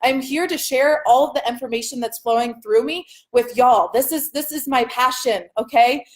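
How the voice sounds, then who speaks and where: A fairly high-voiced woman talks to her live stream viewers in a casual, upbeat way. She coaches them on spiritual growth, keeps checking in with "okay?" and calls them "y'all.". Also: normal speed.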